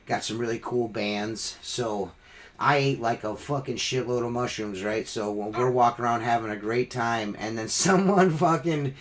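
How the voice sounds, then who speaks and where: A man's voice: mid-range voice, normal speed. A man hosting a podcast, telling a rambling, profane story in casual chat. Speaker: podcast host.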